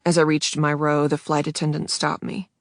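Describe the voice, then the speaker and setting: A woman reading a first-person thriller audiobook in a hushed, tense voice, close to the mic. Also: deep voice, flat delivery, moderate pace, no echo. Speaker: audiobook narrator.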